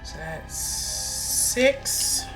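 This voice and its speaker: A woman vlogger telling a rambling, casual storytime while budgeting, full of filler words. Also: extremely slow. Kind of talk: chatty storytime vlog. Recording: music playing behind.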